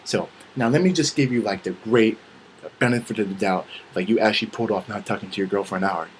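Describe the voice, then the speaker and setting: Young man, fast talker, lowish voice, profane comic rant, faint background hiss. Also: rough recording. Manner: profane, animated, acts out quoted dialogue. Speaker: vlogger. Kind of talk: casual comedic rant.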